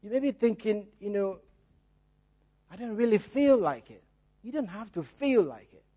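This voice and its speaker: A man's voice: high-pitched, animated, normal speed, warm tone. A male preacher giving a sermon in a church, repeating key phrases and putting rhetorical questions to the congregation.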